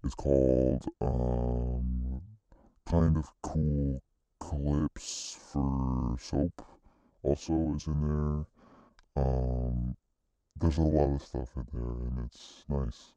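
A man playing a prim female bath shop owner in an improvised comedy sketch, rambling and halting. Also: extremely low pitch, steady tone, mellow, dry recording, exaggerated voice.

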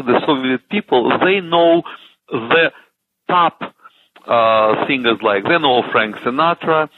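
A man from Russia with a Russian accent, a singer answering interview questions eagerly, with many pauses and uhs. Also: mid-range voice, no echo. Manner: enthusiastic, hesitant with many uhs. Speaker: singer and TV host, guest. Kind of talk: casual interview. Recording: tinny phone line.

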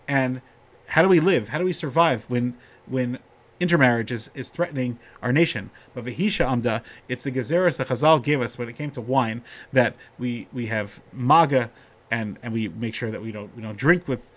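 A middle-aged man giving an informal Torah talk, telling stories and getting animated when he quotes the people in them. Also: medium pitch. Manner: storytelling, animated when quoting characters.

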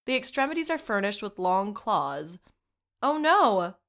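A woman co-hosting a casual podcast with a middle-pitched voice. She reads old accounts aloud and keeps breaking off into laughter and swearing asides. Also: sing-song, measured pace, fairly bright tone. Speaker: podcast co-host.

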